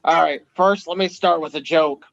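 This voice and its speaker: Gravelly-voiced man telling crude jokes. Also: on the high side, fairly even intonation, moderate pace, a bit bright, muffled recording, slight background noise. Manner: crude, joke-telling, swears freely. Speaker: podcast co-host. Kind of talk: casual comedy podcast banter.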